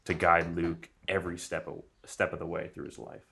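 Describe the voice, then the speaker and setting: Male podcast co-host, very low and creaky, hesitant rambling delivery. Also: completely flat delivery, fairly quick, a bit bright, slight background noise. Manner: rambling, hesitant, many ums and restarts. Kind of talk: casual fan podcast discussion.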